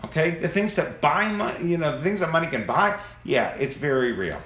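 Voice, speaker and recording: A man's voice: a little high, expressive, fairly quick, a bit bright. Angry, swearing man ranting into a phone. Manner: angry, profane, preachy. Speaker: vlogger. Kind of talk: ranting monologue. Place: among parked cars. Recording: roomy phone recording.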